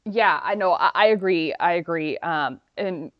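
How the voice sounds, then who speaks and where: A woman's voice: lowish voice, normal speed, lo-fi sound. A woman from Dallas, co-hosting a podcast in casual chat, telling stories with lots of fillers. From Dallas, Texas. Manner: chatty, filler-heavy storytelling. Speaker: podcast co-host.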